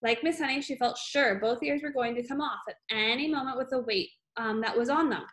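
A woman's voice: fairly high pitch, brisk, fairly bright tone. Woman reading a children's book aloud. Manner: unscripted-sounding, with fillers and restarts. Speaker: reader.

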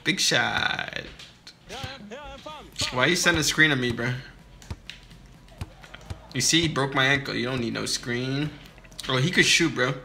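Bright-voiced young man gaming, trash talking. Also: medium pitch, a little slow, creaky, pauses often, soft background music. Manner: heated, profane trash talk to teammates. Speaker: gamer streaming his own matches. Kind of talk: casual gameplay commentary.

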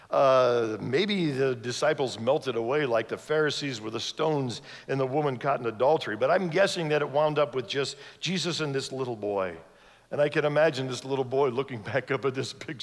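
A man preaching a sermon as a guest speaker, telling a story and acting out the voices of its people. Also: medium pitch. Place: large church sanctuary. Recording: long hall reverb from a church sanctuary.

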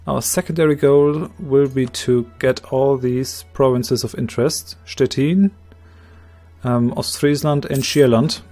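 A man with a slightly hoarse voice calmly explaining his moves, thinking aloud in a strategy game let's play. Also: mid-range voice. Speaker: game commentator.

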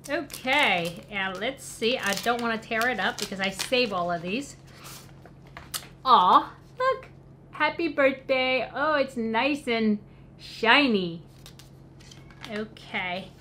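A woman vlogger talks casually in a fairly high voice. She gushes over things in an excitable way, with gasps and soft exclamations. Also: slow, pauses often, slight background noise, poor audio. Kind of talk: casual unboxing chat.

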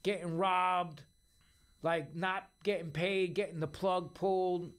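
A middle-aged man with a New York accent telling profane, animated stories in a casual interview. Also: sits high, slow, creaky, smooth. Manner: profane, animated storyteller who acts out quoted voices. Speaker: podcast guest.

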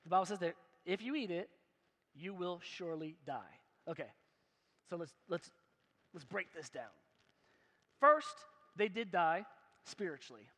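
High, bright-voiced man preaching in a reverberant church. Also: animated, a little slow, long pauses. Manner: emphatic and conversational, asks the crowd questions, jokes. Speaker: pastor. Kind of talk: sermon. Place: church hall. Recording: long hall reverb in a church.

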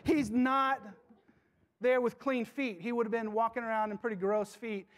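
A man preaching a sermon to his church, passionate, with dramatic pauses and questions to the congregation. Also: extremely high pitch, fairly even intonation. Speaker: pastor.

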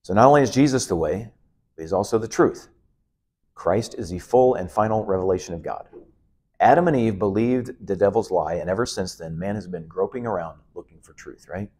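Emphatic low-voiced man preaching. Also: brisk, a little mellow, husky. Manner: emphatic, building repeated phrases, with "uh" and "um" fillers. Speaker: pastor teaching a Bible lesson. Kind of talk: expository sermon.

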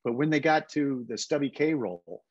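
Husky older man telling stories. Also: mid-range voice, lively intonation, normal speed, dry recording, highs cut off. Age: 70s. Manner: anecdotal, slips into put-on voices for quotes. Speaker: guest actor. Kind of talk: casual interview storytelling.

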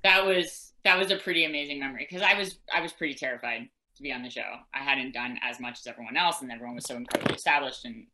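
A woman's voice: very deep voice, fast talker, hardly any pauses, very noisy. A woman actor on a convention panel, telling a story with laughter and energy. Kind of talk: casual anecdote.

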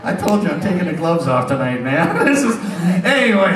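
Brash stage hypnotist, man, high voice, roomy hall, crowd laughing throughout. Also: big pitch swings, a little fast, recorded from a distance, background noise. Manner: brash, teasing, loud crowd banter. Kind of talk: live stage comedy show. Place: casino showroom stage. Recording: roomy hall recorded from afar, audience. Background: audience laughing.

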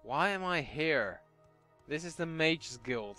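A man's voice: on the high side, animated, slow pace, pushed and bright, soft background music. A man giving sweary, sardonic, rambling commentary while playing a video game. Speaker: let's play host. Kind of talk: casual gameplay commentary.

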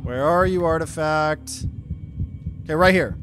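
A man's voice: a little high, animated, a little slow, faint music behind. A young man giving tense play-by-play commentary as he plays a video game. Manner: tense whispery play-by-play, bursts into yelling. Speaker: gaming YouTuber. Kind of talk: live gameplay commentary.

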